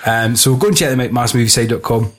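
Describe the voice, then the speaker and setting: A man's voice: mid-range voice, fast, a bit bright. A Scottish man hosting a film podcast in casual, joking, sweary chat with lots of fillers. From Scotland. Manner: joking, laughs a lot, many fillers. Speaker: podcast host.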